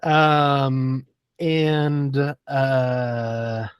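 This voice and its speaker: A man's voice: mid-range voice, level tone, very slow, smooth, dry recording, studio quality. A man guesting on a casual film podcast, thoughtful and hesitant, with many fillers.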